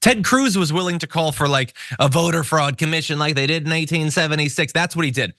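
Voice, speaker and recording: A male host giving indignant political commentary, hammering his points with emphatic stresses and tripping over his own restarts. His voice is bright and forceful. It is recorded dry and close. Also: a little high, brisk, no echo.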